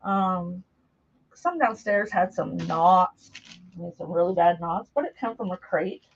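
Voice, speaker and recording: A woman's voice: lowish voice, measured pace, husky. Chatty middle-aged woman on a dull stream. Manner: chatty and rambling, greets viewers by name. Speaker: craft livestream host. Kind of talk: casual chat while crafting live. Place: home craft room. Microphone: camera mic while moving around a table. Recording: dull lo-fi live stream audio.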